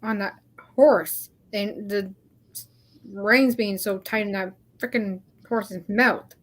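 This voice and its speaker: A woman's voice: medium pitch, steady tone, slow pace. A woman joining a casual group chat, upset and questioning, apologizing for swearing. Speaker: chat participant.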